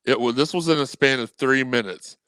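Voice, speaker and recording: A man on a podcast as a guest, talking sports in a rambling, animated way. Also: medium pitch, a little fast, clean tone, dry recording. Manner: animated, rambling, quotes people in voices. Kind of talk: casual sports talk.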